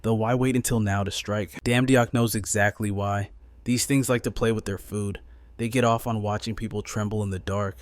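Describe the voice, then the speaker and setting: Low-voiced male story narrator. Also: fairly even intonation, moderate pace, no echo, clean studio sound. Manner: urgent, dramatic storytelling. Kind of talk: dramatic comic recap narration.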